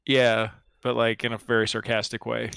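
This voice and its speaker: Bright, smooth-voiced male player. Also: medium pitch, monotone, normal speed, dry recording. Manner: describes actions, dry sarcastic jokes. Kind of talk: tabletop game play.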